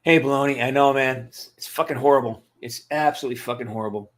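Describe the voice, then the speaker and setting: A middle-aged man hosts a casual livestream and rants to his viewers. He is blunt and emphatic and swears freely. His voice sits at an ordinary middle pitch. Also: fast talker. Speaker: livestream host. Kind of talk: casual rant to live chat.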